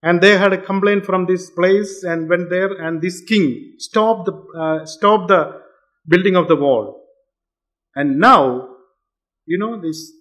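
A man preaching a sermon in a church, halting with frequent fillers and restarts. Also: high voice, fairly bright tone. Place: church hall.

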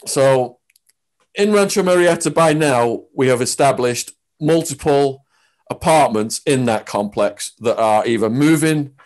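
English man, interview guest, lively storytelling, mid-pitched voice. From England. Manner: animated, with big swings in pitch and loudness.

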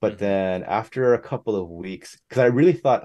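A young man speaks as a guest on a casual podcast, telling his story with plenty of energy. His voice sits fairly low and has a warm, mellow tone. He keeps jumping up high in pitch when he acts out what other people said. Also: moderate pace. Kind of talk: casual interview chat.

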